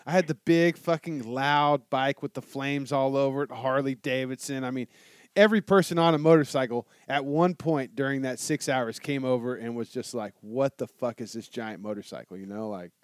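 A man's voice: mid-range voice, moderate pace, smooth, no room sound. Swearing storyteller man, dry close sound. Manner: animated storytelling, heavy swearing and "dude". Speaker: guest telling a travel story. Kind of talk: casual chat.

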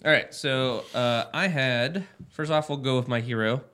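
A young man chatting casually with a group, relaxed and loose, with lots of fillers. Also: medium pitch, normal speed. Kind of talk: casual chat.

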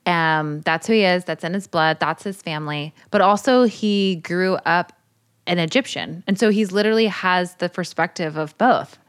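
A woman co-hosting a casual Bible discussion podcast, backing her partner with quick agreement and giving her own view. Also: on the low side. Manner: warm affirming listener, quick agreeing interjections. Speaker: podcast co-host.

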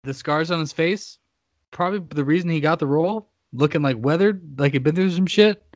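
A man's voice: on the high side, fairly quick, no echo, clean studio sound. A man co-hosting a casual movie chat in a laid-back way, sharing trivia and swearing casually. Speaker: podcast co-host.

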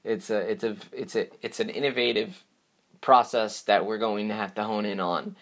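A man's voice: lowish voice, steady tone, normal speed, a bit bright. Upbeat rambling podcast host, man. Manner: rambling, upbeat, with many fillers and restarts. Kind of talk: casual solo podcast outro.

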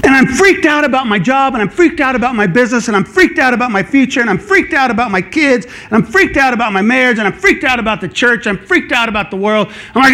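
A middle-aged pastor with a notably high-pitched voice delivers a sermon. He talks in a casual, animated way and often slips into acting out people's worried thoughts. His preaching feels chatty rather than formal. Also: fast talker, hardly any pauses. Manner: animated, conversational preaching that acts out inner dialogue.

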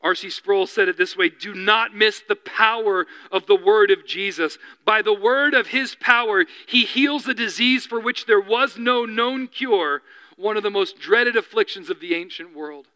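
A man's voice: sits high, unhurried, sharp tone, clear, resonant tone, long reverb tail. A man preaching a sermon as pastor, earnest and building to impassioned appeals.

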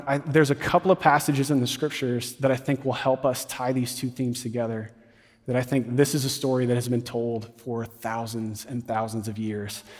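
Male campus pastor, casual sermon delivery with asides, average pitch, long reverb. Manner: conversational, animated retelling with quick asides.

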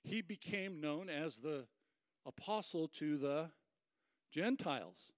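A middle-aged man preaching a sermon, animated and conversational, acting out quoted people with sudden leaps up in pitch. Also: takes it slowly, dry recording, clean studio sound. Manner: animated, acts out quoted voices with sudden high pitch jumps. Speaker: pastor.

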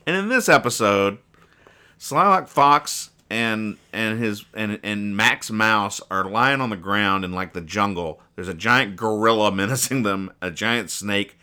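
A man's voice: lowish voice, measured pace, bright, forceful tone, smooth. A man hosting a podcast, reading comic strips aloud in casual chat and joking in a dry, mock-serious way with many restarts.

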